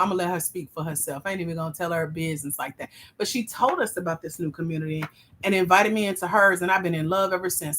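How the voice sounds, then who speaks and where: A woman with a Southern US accent hosting a livestream, teasing and hyping up her viewers in playful, animated chat. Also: fairly low pitch. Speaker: livestream host and grant mentor.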